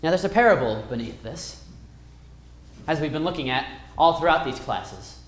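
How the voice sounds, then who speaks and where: A man teaching a Bible class, reading verses aloud and retelling the story with wide swings in loudness. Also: on the high side, lively intonation, moderate pace, slight background noise. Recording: echoey room.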